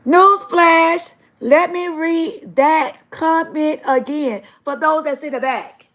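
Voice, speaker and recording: A woman's voice: high voice, slow, a bit bright. A woman hosting a livestream, giving an earnest, emotional faith testimony straight to her viewers. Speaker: livestream host. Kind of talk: live-stream faith testimony.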